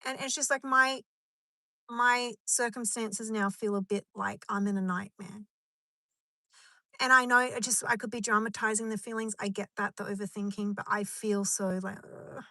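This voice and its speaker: A woman's voice: medium pitch, fairly even intonation, normal speed, bright, forceful tone, dry recording. A woman chatting on a live stream from her car in a rambling, chatty way, answering comments as they come in. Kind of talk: casual live stream chat.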